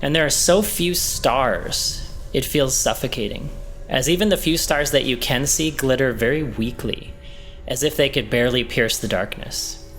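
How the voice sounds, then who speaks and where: A man's voice: mid-range voice, a bit bright, faint music behind. Man narrating as game master. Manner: slow descriptive second-person narration with frequent ums and restarts.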